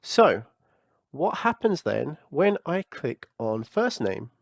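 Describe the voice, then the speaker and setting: Man walking through a software tutorial. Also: on the high side, very animated, slow, creaky, no room sound. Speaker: tech tutorial host.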